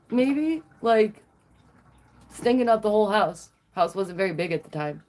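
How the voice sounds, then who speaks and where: Sassy, animated woman vlogger. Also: mid-range voice, unhurried, a little hiss or hum. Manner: sassy, animated, laughs often. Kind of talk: casual storytelling to viewers.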